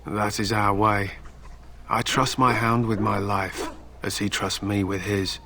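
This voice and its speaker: A man's voice: lowish voice, flat delivery, measured pace, a crowd in the background, close to an everyday voice. An actor voicing a stern, proud male warrior and hound handler in video game dialogue, telling old tales solemnly and threatening bluntly.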